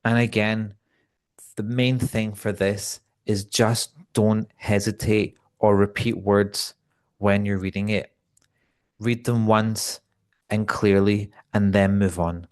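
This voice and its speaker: A man teaching an English exam lesson to online viewers in a clear, deliberate way. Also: lowish voice, flat delivery.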